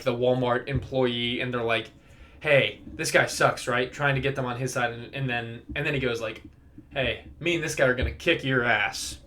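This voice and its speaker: A man's voice: medium pitch, a bit bright, slight background noise. A young man hosting his own podcast, talking casually and rambling with lots of swearing and laughter. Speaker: podcast host. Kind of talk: casual solo podcast chat.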